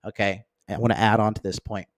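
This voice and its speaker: A host runs a dating-advice livestream, talking bluntly and profanely, checking the chat and mocking friends and exes in higher voices. His quick speech has little pitch movement. The studio-quality audio has no room sound.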